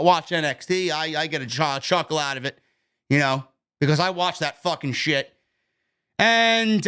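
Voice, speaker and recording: A man's voice: high voice, pushed and bright, clean tone. A man with a New York accent giving a loose, chatty recap of a wrestling show, with fillers and casual swearing.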